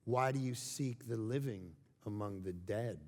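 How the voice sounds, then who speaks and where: A man's voice: on the high side, normal speed, gravelly, a bit bright, in a large hall, voice pushed down. A man voicing a cocky male angel, boastful and swaggering. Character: cocky male angel proud of his line.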